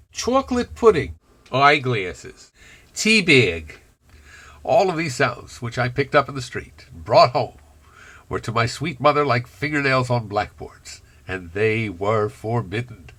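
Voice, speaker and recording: A man from the Bronx with a carefully trained American accent, talking in a wry, reflective vlog monologue with dramatic pauses. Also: mid-range voice, a bit bright, breathy edge. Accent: General American, trained over a Bronx childhood accent. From Bronx, New York. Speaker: vlogger.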